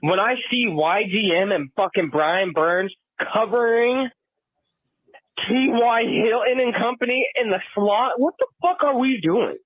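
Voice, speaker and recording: A man rants and swears in exasperation about his team's play, voice pitched a bit high. The sound is dry and tinny, like it comes over a phone line. He talks as a podcast co-host reacting right after a game. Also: animated, a little slow, dry recording. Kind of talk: heated sports reaction rant.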